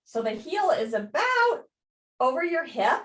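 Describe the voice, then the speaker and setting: A woman yoga instructor giving calm step-by-step cues and counting breaths through a guided class. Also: high-pitched, measured pace. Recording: echoey room.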